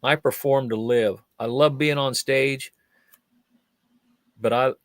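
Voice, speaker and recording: Older man, show guest, animated storyteller, mid pitch, dry close sound. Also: takes it slowly, no echo. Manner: lively storyteller, acts out quoted voices. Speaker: guest magician and fire eater. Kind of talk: anecdotal storytelling in a chat show.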